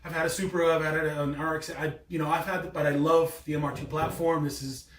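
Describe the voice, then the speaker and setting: A man's voice: a little high, flat delivery, fairly quick, fairly bright tone. A man in his thirties telling a rambling, exasperated story in a casual vlog. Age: 30s. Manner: rambling, exasperated, many restarts. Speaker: car vlogger. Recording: echoey, mic at a distance.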